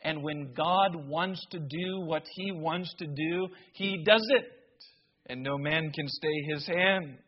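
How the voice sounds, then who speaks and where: Slow, high-voiced preacher, muffled sound. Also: male voice. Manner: slow, emphatic preaching with dramatic pauses and rising emphasis. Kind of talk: sermon.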